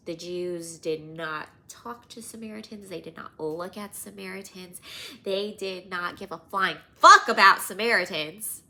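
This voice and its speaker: Woman, 30s, podcast host, casual storytelling, animated, gravelly, bright. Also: lowish voice, unhurried. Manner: animated, drops to near-whispers and laughs often.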